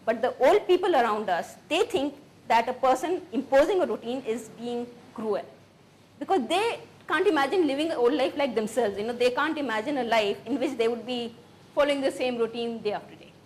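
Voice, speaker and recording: A woman's voice: on the high side, lively intonation, fairly quick, a little mellow. A woman speaking earnestly about caring for her mother, in a recorded personal account. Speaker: family caregiver.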